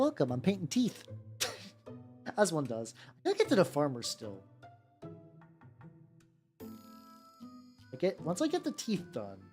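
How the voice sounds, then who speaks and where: A woman chats loosely on a livestream while she paints miniatures, her somewhat low voice leaping around in an animated, lively way. She rambles, swears freely and often restarts mid-sentence. Faint music plays softly under her talk. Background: faint background music.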